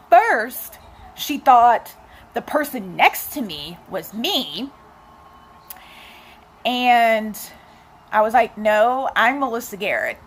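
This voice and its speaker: A chatty young woman tells a story straight to her camera in a casual, animated way, talking to her viewers. Her voice sits a little high. It sounds like a relaxed home recording on a camera mic. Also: slightly rough. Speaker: vlogger.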